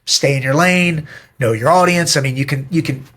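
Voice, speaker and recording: A man's voice: on the high side, moderate pace, a bit bright, slight background noise. A middle-aged man being interviewed, talking in a blunt, emphatic and profane way as he tells stories. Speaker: podcast guest. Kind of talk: casual interview talk.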